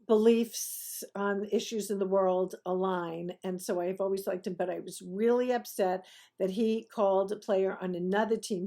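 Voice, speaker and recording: A woman's voice: mid-range voice, a little mellow. A woman hosting her own sports talk show, rambling casually through opinions with frequent asides. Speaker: host of a sports commentary show.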